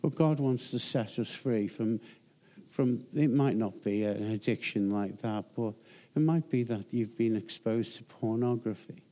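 A man's voice: unhurried, mellow. A man preaching a sermon as a guest pastor, telling Bible stories emphatically. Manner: storytelling, emphatic, rises in pitch for emphasis.

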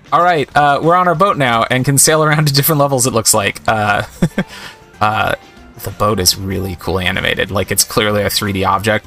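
A man's voice: fairly low pitch, bright, forceful tone. A man giving casual, chatty gameplay commentary, amused and thinking aloud as he plays. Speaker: let's-play host.

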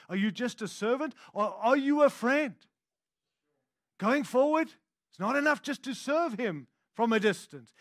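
The clip features a man preaching as a pastor, his voice ranging from hushed and intimate to loud and emphatic, with informal asides to the congregation. It's a dry, studio-quality recording.

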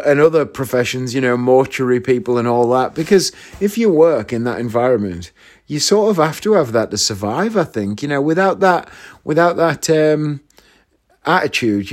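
A comedian in his thirties from the northeast of England, with a mid-range voice, tells a long anecdote. His casual storytelling is chatty and relaxed, with asides to the listener.

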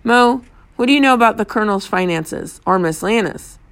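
A steady male police detective, voiced by a woman reading a storybook, calm and measured. The voice has a light gravelly texture and sits close to the narrator's own. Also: mid-range voice, pitched above the performer's own voice, natural voice. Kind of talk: audiobook character reading.

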